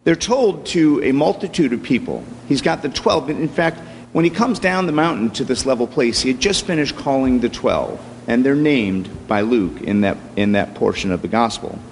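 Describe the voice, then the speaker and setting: A man's voice: mid-range voice, lively intonation, normal speed, big-room sound, slight background noise. A man preaching a sermon, telling a joke story and then talking through the text in a conversational way with fillers. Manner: conversational, storytelling with joking asides. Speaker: pastor. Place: church.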